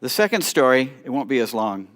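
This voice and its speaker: A middle-aged man telling stories in a sermon, lively, with sudden quiet asides. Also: mid-range voice, brisk. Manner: animated storyteller, drops to quiet asides. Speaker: rabbi preaching at church. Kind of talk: sermon storytelling.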